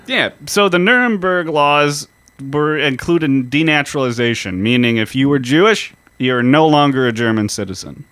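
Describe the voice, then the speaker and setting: Smooth-voiced male podcast co-host. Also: a little high, normal speed, a bit bright, no echo. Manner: casual, swears freely, explains step by step. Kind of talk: casual history podcast chat.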